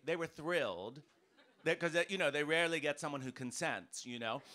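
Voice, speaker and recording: An American man doing a stand-up comedy set in a club, ranting with punchy, animated delivery. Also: fairly high pitch, brisk. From United States. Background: audience laughter.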